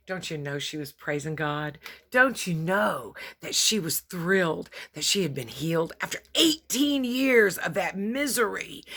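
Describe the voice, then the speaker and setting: A woman's voice: on the low side, sharp tone. A woman giving a short devotional sermon, telling a story earnestly and acting out its voices. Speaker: preacher.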